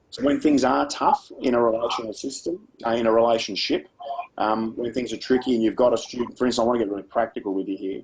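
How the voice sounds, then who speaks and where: A man's voice: medium pitch, fairly even intonation, quick pace, darkish tone, husky, highs cut off. A man with an Australian accent leading a workshop for teachers, speaking in a conversational, practical way and using personal stories. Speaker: education speaker.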